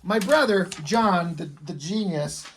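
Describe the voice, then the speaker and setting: A man's voice: sits high, slow, slight background noise. Rambling man chatting casually, laughing. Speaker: video creator. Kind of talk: casual show-and-tell vlog.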